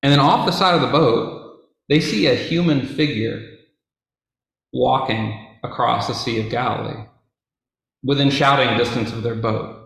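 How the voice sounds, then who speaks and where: A male Bible teacher retells a Bible story casually and conversationally, full of fillers and playful asides. His mid-pitched voice is creaky and unhurried, and he pauses often. The recording is very echoey, like a bare room.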